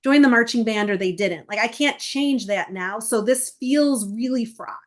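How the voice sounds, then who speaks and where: Woman, middle-aged, slightly high voice, animated, quoting emails and parents in character. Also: normal speed. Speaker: college essay coach. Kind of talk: interview guest explaining.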